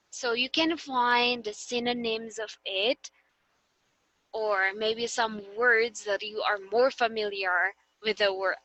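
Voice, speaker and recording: A young woman leads a demo lesson, with a fairly high, bright voice. She talks slowly and patiently, often checking whether anyone has a question. The sound is dry and close. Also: no room sound, rough recording. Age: young adult. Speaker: teacher.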